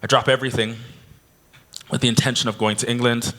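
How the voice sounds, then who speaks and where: A man from Canada giving a keynote speech, telling a personal story with animated delivery. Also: medium pitch, quick pace. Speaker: keynote speaker. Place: convention hall.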